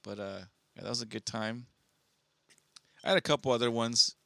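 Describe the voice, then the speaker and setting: A young man co-hosting a podcast, telling a rambling, filler-heavy story in a relaxed way. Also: medium pitch, moderate pace, gravelly, dry recording. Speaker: podcast co-host. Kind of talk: casual storytelling chat.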